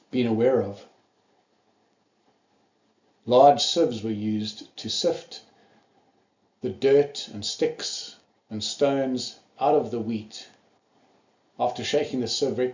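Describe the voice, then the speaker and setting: A man's voice: mid-range voice, a little mellow, reverberant, dull audio. A man preaching a sermon, telling the story earnestly and acting out the quoted lines.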